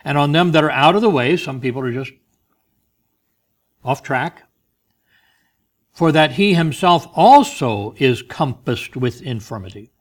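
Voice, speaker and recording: A man preaching a sermon, emphatic, with soft asides. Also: fairly high pitch, expressive, unhurried, pauses often.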